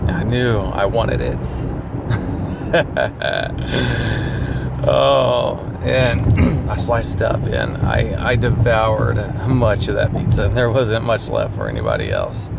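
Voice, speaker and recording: A man's voice: lowish voice, vocal fry, noisy background. A man talking casually to camera in a rambling, self-deprecating vlog, laughing often. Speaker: vlogger.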